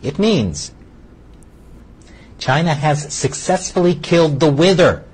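A man in a viewer-sent clip who explains a meme in a deadpan way. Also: fairly high pitch, slow, husky.

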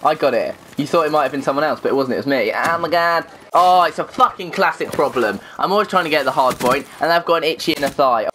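A man giving rambling, crude, excitable commentary while playing an online shooter, often shouting at the game. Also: a little high, quick pace, few pauses, slight background noise. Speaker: gaming YouTuber. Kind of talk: live gameplay commentary.

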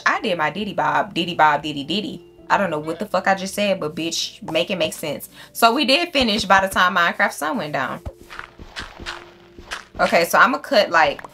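A woman's voice: lowish voice, bright, forceful tone, a little hiss or hum. Profane, chatty woman gaming host. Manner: chatty, profane, talks straight to viewers; talks to the game animals. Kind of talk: casual let's-play commentary.

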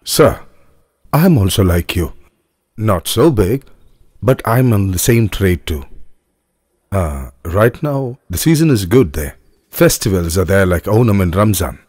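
An actor dubbing a scheming, smooth-talking male trader in beggars who speaks persuasively and deferentially, in an English film dub. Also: on the low side, very animated, a little slow, pauses often, darkish tone, no echo, clean studio sound, exaggerated voice.

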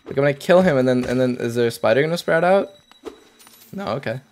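A man's voice: mid-range voice, lively intonation, fast, slight background noise. A young man streaming a game live, talking to himself in jumpy, nervous chatter and swearing often. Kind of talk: live gameplay commentary.

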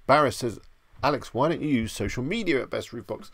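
A man's voice: medium pitch, lively intonation, normal speed, hardly any pauses, no room sound. A man hosting a casual live stream, chatty and self-deprecating, greeting viewers by name.

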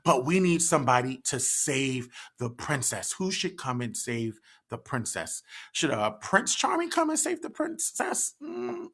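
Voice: medium pitch, a little slow, breathy edge. A library story time host leading an interactive children's story with songs, prompting the audience to join in. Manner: animated, prompts kids to join in and sings.

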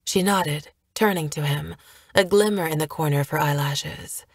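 A woman narrating an audiobook in a measured, even storytelling manner. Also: low-pitched, vocal fry, husky, no room sound. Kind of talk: scripted narration.

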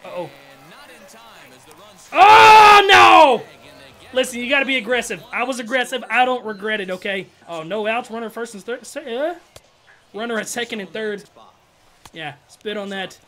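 A young man, commenting excitedly on his own video game at-bats, trash-talking and calling everyone "dog" and "bro". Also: high voice, brisk, slight background noise. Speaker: gaming channel host.

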